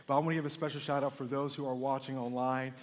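A young man from Texas preaching a lively sermon as a middle school pastor, energetic and calling out to the congregation. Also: medium pitch, quick pace. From San Antonio, Texas. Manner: energetic, hype, calls out to the congregation. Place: large church hall. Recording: live church hall with long reverb.

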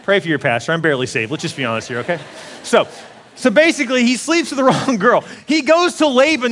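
A man in his forties preaching a sermon as a pastor, telling the story in an animated way and acting out the voices. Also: high voice, fast talker, big-room sound. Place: church auditorium.

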